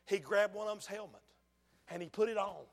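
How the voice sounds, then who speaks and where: A man preaching a fiery sermon in a large church, swinging from hushed pleading to shouting. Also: sits high, a little fast. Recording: long church hall reverb.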